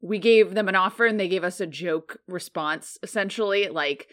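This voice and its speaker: A woman's voice: mid-range voice, normal speed, hardly any pauses, fairly bright tone. A woman who works as a teacher, chatting casually on a podcast in a blunt way, swearing and laughing often. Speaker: podcast co-host; school teacher. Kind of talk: casual chat.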